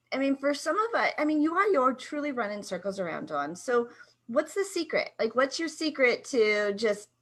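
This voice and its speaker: A woman co-hosting a casual talk show, animated and chatty. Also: fairly high pitch. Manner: animated, many "like" fillers. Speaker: co-host. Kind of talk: casual chat.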